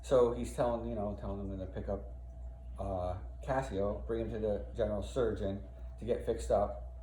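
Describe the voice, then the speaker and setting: A man's voice: on the low side, fairly even intonation, moderate pace, dark tone. A male teacher walking through a play scene by scene, paraphrasing the lines in casual, plain words. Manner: reads lines aloud, then paraphrases in plain slang. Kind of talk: casual literature lesson, explaining a play scene by scene. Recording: echoey room, faint background noise.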